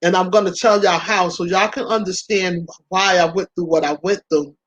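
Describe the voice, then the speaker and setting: A woman's voice: on the low side, steady tone, normal speed, fairly bright tone, breathy edge, no room sound, highs cut off. A woman hosting her own channel, chatting candidly about past relationships, laughing often and talking to listeners as y'all. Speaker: vlog host.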